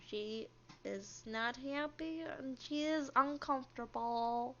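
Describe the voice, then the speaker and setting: A woman's voice: high voice, slow pace, fairly bright tone, highs cut off. A woman streamer reading game text aloud and reacting expressively to the story.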